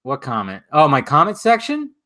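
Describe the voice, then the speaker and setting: A man's voice: a little high, wildly swooping pitch, moderate pace, fairly bright tone. A man hosting a casual live stream, chatting loosely and swearing while he sips a drink.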